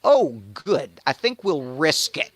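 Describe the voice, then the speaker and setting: A man's voice: fairly high pitch, big pitch swings, takes it slowly, fairly bright tone, pitched above the performer's own voice, heavily acted. A man voicing King David as a flustered, pushy adult king who talks in casual modern slang. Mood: offhand.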